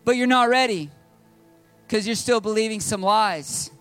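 A man's voice: sits high, unhurried, a bit bright, clean tone, soft background music. A man preaching a sermon to his congregation in a conversational, joking way. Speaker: pastor. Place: church service.

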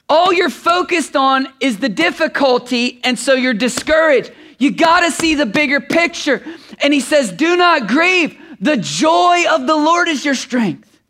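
High-voiced man preaching a sermon. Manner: swings from shouting to hushed, intimate delivery. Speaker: pastor.

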